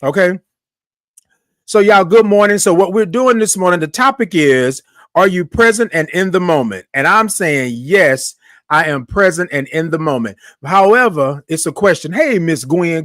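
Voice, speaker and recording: A man hosts a morning live stream in a slightly high voice. He sounds friendly and loose, says "y'all" a lot, and stretches each viewer's greeting out into a slow, sung call. The recording is dry and close, with no room sound. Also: animated, a bit bright, dry recording. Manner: Southern-style informal speech, says "y'all". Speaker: host of a live morning show. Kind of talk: casual live-stream chat.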